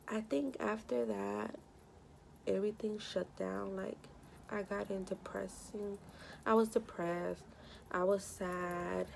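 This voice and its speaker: A woman's voice: medium pitch, vocal fry, a little mellow, a little hiss or hum. A young woman vlogger telling a personal story in a casual, rambling way with lots of fillers, sometimes tearful. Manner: rambling, many "you know" fillers; emotional, tearful at times. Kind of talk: casual storytelling while doing makeup.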